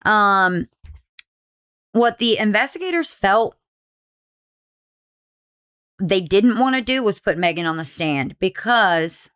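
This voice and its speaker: A woman's voice: mid-range voice, a bit bright, clear, resonant tone. A woman hosting a casual true crime podcast, swearing freely and acting out quotes from the people she talks about. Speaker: podcast host.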